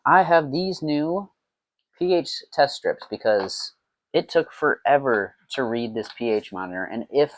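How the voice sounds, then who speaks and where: A man chatters in a loose, playful ramble as he works through a home brewing batch. His voice sits at an ordinary middle pitch. The sound is dry and close, with little room around it. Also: lively intonation, measured pace, no room sound. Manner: rambling, playful self-talk. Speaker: home mead brewer. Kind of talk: casual solo brewing vlog.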